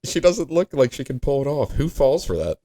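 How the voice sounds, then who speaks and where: A young adult man, a podcast guest, chatting casually and reacting quickly. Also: mid-range voice, very animated, warm tone. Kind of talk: casual chat.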